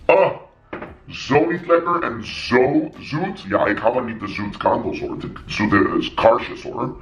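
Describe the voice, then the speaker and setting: A man voicing a blunt, unimpressed person who speaks slowly and matter-of-factly in a lowered voice. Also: animated, slight background noise. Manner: slow, dry, matter-of-fact. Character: blunt, unimpressed adult, slow and flat. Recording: echoey room.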